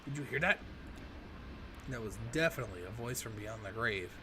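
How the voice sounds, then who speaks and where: A let's play host with a lowish, expressive male voice reads a game's dialogue aloud at a brisk pace, cutting in with sarcastic, profane asides. Background noise is clearly audible.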